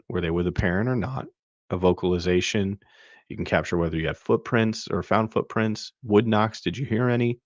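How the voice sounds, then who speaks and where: A podcast host with a very low, gravelly voice talks through a web tool in a loose, rambling way, full of fillers and restarts. The sound is dry and slightly dull, like a plain home setup. He comes across as relaxed and casual. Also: no echo. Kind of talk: casual screen-share walkthrough.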